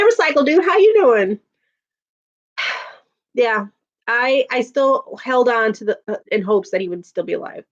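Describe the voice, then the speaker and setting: A woman with a mid-range voice and cut-off highs hosts a casual livestream, reading chat and talking with viewers while venting and laughing often.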